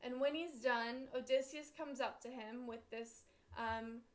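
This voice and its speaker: A woman's voice: a little high, steady tone, measured pace. A woman teacher reading a classic text aloud and explaining it in a careful way, with a few fillers.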